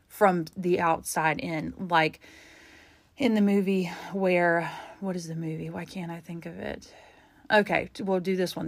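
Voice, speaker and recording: A woman's voice: fairly low pitch, no echo. A young adult woman hosting a solo podcast, talking openly and confessionally, rambling with fillers and close to tears. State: holding back tears. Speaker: podcast host. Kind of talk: candid solo podcast monologue.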